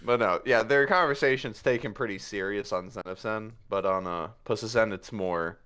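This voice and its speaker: A man narrating a tabletop game as game master, animated and casual, laughing and swearing as he talks. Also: fairly low pitch, normal speed, clean tone.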